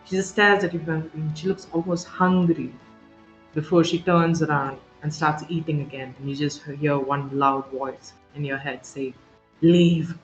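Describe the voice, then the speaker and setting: A game master narrating a tabletop game with vivid, halting description, full of fillers and restarts. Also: mid-range voice, flat delivery, fairly bright tone. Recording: roomy, dull sound, faint music.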